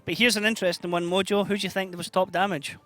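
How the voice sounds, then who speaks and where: A man with a Scottish accent casting a live esports match, upbeat and quick with the play-by-play. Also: high-pitched, level tone, pushed and bright, soft background music. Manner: brisk, upbeat play-by-play with laughs. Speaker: esports caster.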